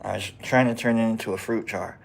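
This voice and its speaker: In a fairly low, gravelly voice with a steady tone, this Nebraska-accented man talks fast, and there's a little hiss or hum on the audio. He's hosting a mushroom-growing livestream, chatting in a rambling, casual way. He makes fun of himself and often mumbles.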